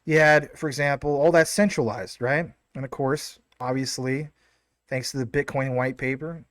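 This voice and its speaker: A man talks to his viewers in a casual, emphatic explainer style, tossing out rhetorical questions and correcting himself as he goes. His voice sits a little high for a man. The sound is dry, with almost no room echo. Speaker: crypto video host.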